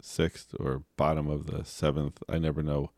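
Middle-aged man, low-pitched, self-deprecating podcast co-host, dry studio sound. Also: monotone, normal speed, a little mellow, no echo. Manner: wry, self-deprecating, jumpy. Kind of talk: casual chat.

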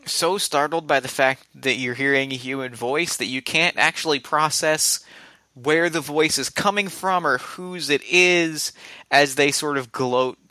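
A man running a tabletop game as game master, narrating in a relaxed, loose way with frequent restarts. His voice sounds bright and forceful at a mid pitch, and the recording is dry and close. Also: clean tone, no echo.

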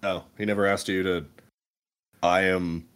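A man's voice: low voice, flat delivery, measured pace, a bit bright, clear, resonant tone. A man co-hosting a casual chat, telling stories with lots of laughs and quoting people in put-on voices. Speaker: podcast co-host.

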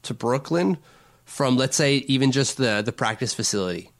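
Male sports podcast co-host, average pitch, chatty and rambling with lots of restarts. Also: animated, moderate pace. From not from Long Island. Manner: rambling, self-correcting, stammers on restarts. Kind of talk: casual sports talk.

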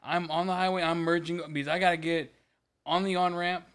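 Brief: young male co-host, somewhat high and clear voice, easygoing and swearing. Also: level tone, fairly quick, fairly bright tone. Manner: laid-back, profane banter. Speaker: podcast co-host. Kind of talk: casual podcast chat.

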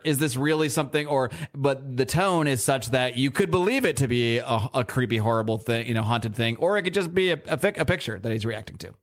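A man co-hosting a live podcast, casually recapping a comic book scene by scene with many restarts and lines of dialogue read aloud. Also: mid-range voice. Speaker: podcast co-host. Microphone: podcast mic, live show.

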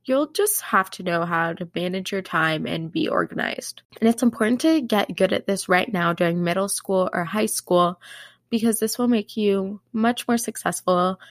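Bubbly young woman, nasal, gravelly edge. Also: medium pitch, moderate pace, no echo, studio quality. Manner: bubbly, chatty, full of "like". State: nasal from allergies. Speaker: podcast host. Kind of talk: casual solo podcast chat.

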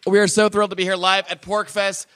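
A man hosting a podcast, hoarse and a little rough-voiced, talking in a chatty, enthusiastic way with plenty of fillers. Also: high-pitched, little pitch movement, fast, bright, forceful tone. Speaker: podcast host. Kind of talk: casual podcast intro.

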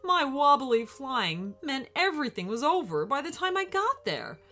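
A woman's voice: high-pitched, big pitch swings, normal speed, pushed and bright, faint music behind, voice pushed up, exaggerated voice. A woman voicing a tearful, self-doubting young woman superhero in a storybook reading, apologetic and gushing. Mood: upset.

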